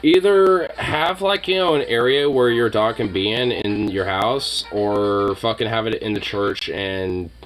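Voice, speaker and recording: A man's voice: fairly low pitch, fairly even intonation, unhurried, few pauses, a bit bright, a little hiss or hum. A drunk man streaming, chatting casually in a rambling, profane way. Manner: rambling, profane, laid-back. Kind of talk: casual live-stream chat.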